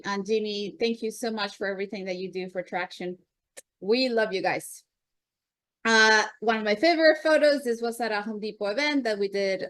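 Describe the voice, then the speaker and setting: A woman's voice: medium pitch, no echo. A woman with a Colombian accent, hosting and presenting to a live audience in a welcoming way, with frequent ums. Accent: Colombian Spanish. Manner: warm, welcoming, with many ums. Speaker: event host, vice president of investor group.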